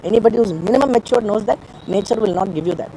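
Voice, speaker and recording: Guy at a press meet, earnest and emotional, talks fast, repeats himself a lot. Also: high-pitched, dark tone, a little hiss or hum, poor audio. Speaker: film actor at a press meet. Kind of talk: press conference statement.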